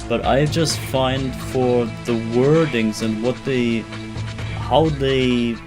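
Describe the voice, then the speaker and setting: German guy streaming a game, slow rambly talk, swears a bit, clear music behind him. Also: mid-range voice, steady tone. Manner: rambling, frank, swears casually. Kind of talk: casual gameplay commentary.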